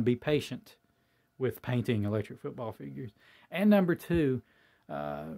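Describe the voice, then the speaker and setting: Speaking to camera on his hobby channel, a man rambles in a relaxed, folksy, self-deprecating way with plenty of fillers. His voice is mid-range, creaky, and darkish in tone.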